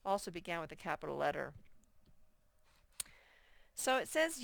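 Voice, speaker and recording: A woman teaching a first-grade workbook lesson in a slow, patient way, repeating key points and reading example sentences aloud very slowly. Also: fairly low pitch, lively intonation, vocal fry, fairly bright tone, dry recording, studio quality. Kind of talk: recorded workbook lesson for children.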